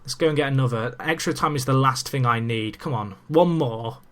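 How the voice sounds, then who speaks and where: In casual let's-play commentary, a young gaming commentator speaks at a normal speed in a mid-range voice. He chats eagerly into a desk mic and often mocks himself.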